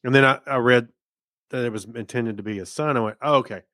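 A man co-hosting a casual podcast, retelling his own reactions in a relaxed way. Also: mid-range voice, a little fast, dry recording, clean studio sound. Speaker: podcast co-host. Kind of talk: casual chat.

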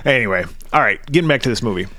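A man's voice: mid-range voice, lively intonation, racing, pushed and bright, no room sound. A man co-hosting a podcast, recapping a movie in casual chat, laid-back and swearing freely. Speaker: podcast co-host.

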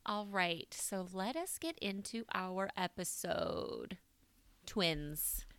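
A woman's voice: mid-range voice, animated, slow, gravelly, fairly bright tone, smooth, no echo. A woman co-hosting a podcast, chatting casually and bluntly, with a bit of swearing. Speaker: podcast co-host. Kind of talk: casual chat.

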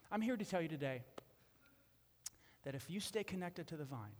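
High-pitched man preaching with big swings. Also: big-room sound. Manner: dynamic preaching, swinging from hushed to loud; acts out voices of people in the stories. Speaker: pastor. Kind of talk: sermon.

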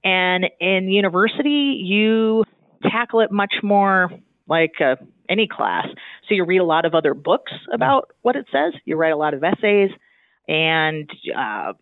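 A man from Southern California talks as a guest in a chatty, animated way, often restarting his sentences. His voice sits high. The sound is thin and phone-like and completely dry. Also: measured pace, no echo. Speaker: guest, divinity student. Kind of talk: casual conversation.

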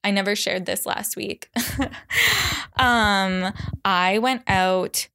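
A young woman hosts her own podcast, talking at an unhurried pace in a smooth, clear voice. She chats casually, filling her sentences with "like," and slips into a high, exaggerated voice whenever she quotes someone. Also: steady tone, a bit bright. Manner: chatty, lots of "like", acts out quotes in a high voice. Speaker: podcast host. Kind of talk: solo podcast chat.

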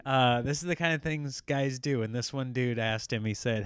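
A man hosting a podcast, telling rambling stories in a casual, animated way and laughing often. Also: medium pitch, normal speed, hardly any pauses, smooth, no echo, studio quality. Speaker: podcast host. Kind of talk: casual storytelling monologue.

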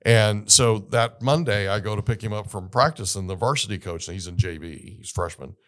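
A middle-aged man hosting an interview, telling a lively story and acting out the dialogue. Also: lowish voice, normal speed. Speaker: podcast host.

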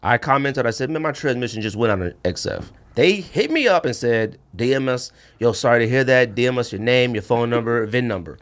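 A man's voice: fairly quick, hardly any pauses. A man co-hosting a podcast in casual chat, telling a story animatedly, acting out quotes and saying bruh and man a lot. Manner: animated storyteller, acts out quotes with big pitch jumps. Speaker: podcast co-host.

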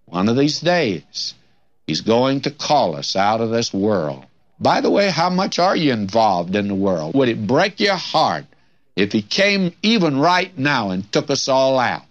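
An older man preaching a radio Bible sermon, earnest and folksy, reading scripture with dramatic flair. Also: mid-range voice. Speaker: Bible teacher. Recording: dull lo-fi radio recording.

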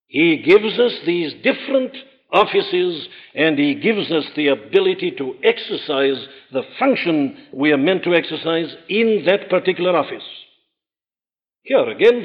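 A man preaching a sermon in an emphatic, rhetorical manner, rising to forceful peaks. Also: on the high side. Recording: dull old recording in a large reverberant hall.

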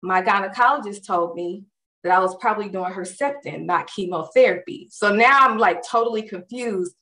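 A woman recounts her own experience in a relaxed, conversational way, peppering her talk with fillers and animated quoted asides. Her voice sits at a middle pitch and sounds set back from the mic in an echoey room. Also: moderate pace. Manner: animated, acts out others' words in quotes. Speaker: storyteller recounting a personal experience. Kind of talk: casual spoken personal story. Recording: roomy and distant from the mic.

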